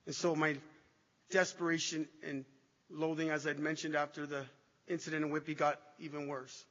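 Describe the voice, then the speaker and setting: A man giving an emotional recovery testimony to an audience, halting and restarting as he speaks. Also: on the high side, little pitch movement, fairly bright tone. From Canada. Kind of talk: personal testimony talk to an audience. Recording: dull echoey hall recording.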